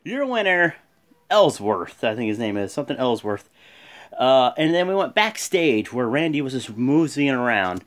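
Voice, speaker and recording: A man casually and excitably recapping a wrestling show for his viewers. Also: mid-range voice, moderate pace. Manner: excitable, animated retelling. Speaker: video host.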